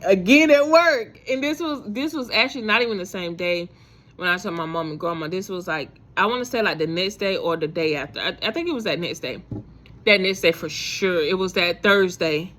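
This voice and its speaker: A woman's voice: fairly low pitch, brisk, a bit bright. A woman vlogger telling a faith story to her viewers in a casual, rambling way, full of fillers and restarts.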